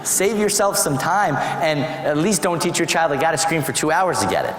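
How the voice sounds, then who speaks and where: A man giving a lively seminar talk on a parenting program, acting out conversations with parents as he teaches. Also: a little high, a little fast, hardly any pauses. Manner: animated storyteller acting out parent dialogues. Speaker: autism program presenter. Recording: echoey hall with long reverb.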